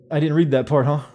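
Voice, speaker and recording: A man's voice: medium pitch, darkish tone. A man streaming himself reading a text adventure game aloud, playful and laughing, talking to his chat.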